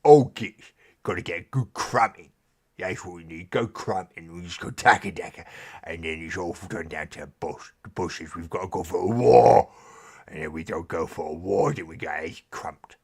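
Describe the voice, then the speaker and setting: A man voicing a rowdy, loud male orc brute, with gruff, slurred shouting. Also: low voice, normal speed, full character voice.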